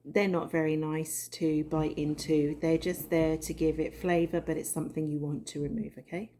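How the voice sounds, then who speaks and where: Middle-aged woman chatting through a home cooking video, lowish mellow voice, camera on the counter. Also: level tone, normal speed, slight background noise. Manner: chatty, talks straight to the viewer. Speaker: cooking vlogger. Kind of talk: casual cooking demonstration. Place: home kitchen.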